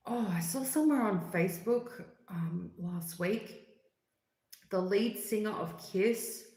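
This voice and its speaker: Slow, relaxed woman streaming. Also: medium pitch. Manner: rambling, relaxed, drawn-out with many fillers. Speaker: livestream host. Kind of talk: casual livestream chat. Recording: echoey room.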